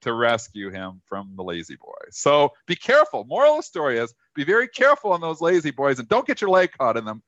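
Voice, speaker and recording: A man on a live talk show telling a long, rambling anecdote full of fillers, with lively quoted voices for the people in it. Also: a little high, quick pace, hardly any pauses, no echo, muffled recording. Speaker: co-host telling a story. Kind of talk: casual storytelling on a live trading show.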